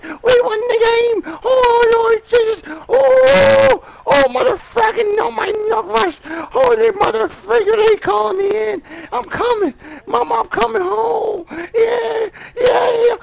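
A man closing out a gaming video with a casual, quick sign-off to viewers. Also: very high-pitched, gravelly, rough recording. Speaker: channel host.

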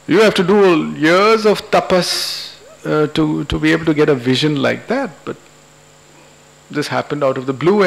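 A man's voice: a little high, vocal fry. A man, lecturing and telling an anecdote at a public talk in a convention hall. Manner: unhurried, anecdotal storytelling.

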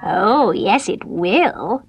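A wicked old storybook witch, put on by a woman, her voice pitched high and shrill as she gloats and coaxes slyly. She cackles over her plans in a husky, breathy tone. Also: expressive, extremely slow, no echo, faint music behind, heavily acted. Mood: sly coaxing. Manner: shrill and gloating, sly coaxing.

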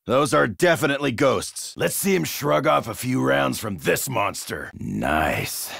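An actor playing a cocky, crude middle-aged American marine in a video game, with a gravelly voice and a brash, shouty, wisecracking manner. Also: male voice, medium pitch, sing-song, unhurried, no echo, clean studio sound, full character voice. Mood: gruff.

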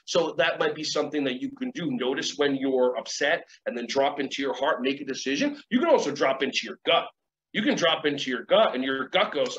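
A man leading a casual webinar lesson from home, energetic and rambling, acting out quoted voices and guiding breathing exercises. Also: medium pitch, brisk, a little hiss or hum. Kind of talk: casual teaching talk with guided exercises. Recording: dull lo-fi sound, faint ambience.

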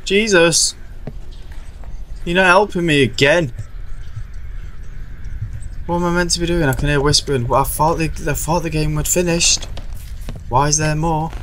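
A man's voice: on the high side, moderate pace, long pauses, fairly bright tone, a little hiss or hum. A man commenting on a horror game as he plays, reacting with jumpy, sweary outbursts over faint game music. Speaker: gaming video host.

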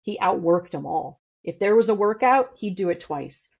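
This middle-aged St. Louis woman, a podcast guest, talks fast and bluntly with candid honesty in a casual interview. Her mid-range voice is animated and creaky, a little mellow and slightly rough, and the highs are cut off.

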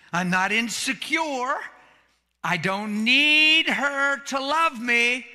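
A man preaches with a high, piercing voice that carries through a reverberant church hall. His speech is folksy and colloquial. He swings between hushed, intimate lines and loud shouts. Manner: plain colloquial grammar. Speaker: pastor. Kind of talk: sermon. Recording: echoey hall.

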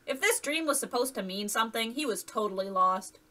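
A woman reading a chapter of a children's fantasy novel aloud, lively, with the characters voiced. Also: fairly high pitch, fairly quick, recorded from a distance, low-quality recording. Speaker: audiobook reader. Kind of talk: scripted narration.

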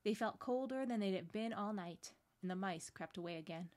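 A woman pastor reads a children's storybook aloud in a gentle, steady voice. Her pitch sits in a middle range. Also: moderate pace.

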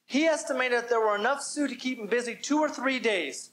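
A man's voice: very high-pitched, expressive, fairly quick, fairly bright tone. Man preaching with emphatic questions. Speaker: pastor. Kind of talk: sermon. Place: church service.

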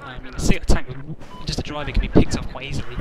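A man's voice: medium pitch, fairly even intonation, rapid-fire, loud music behind the voice, poor audio. A man giving rambling, sweary, self-mocking commentary over his own gameplay. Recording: loud game gunfire and explosions behind.

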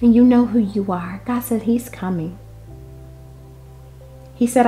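A woman delivering a prophetic word in an impassioned way, moving between loud declarations and hushed asides. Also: a little high, a little slow, long pauses, soft background music. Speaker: prophetic minister.

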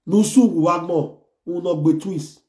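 Nigerian man, mocking online rant, jeering then muttering, slightly high voice, echoey room. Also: measured pace. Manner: insulting, mocking, switches between loud jeers and low muttering. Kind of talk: ranting online commentary.

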